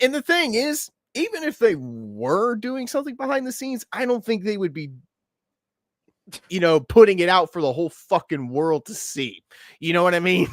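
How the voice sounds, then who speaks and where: A man co-hosting a podcast with blunt, profane banter. His voice jumps up and down lively in pitch, and he laughs often. The recording is dry and close, with no room echo. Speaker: podcast co-host. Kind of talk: casual banter.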